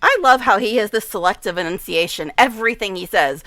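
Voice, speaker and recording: A bright, giggly woman streaming a game. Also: medium pitch, fairly quick, few pauses, no echo, poor audio. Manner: chatty and giggly, with hushed asides. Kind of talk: casual gameplay commentary.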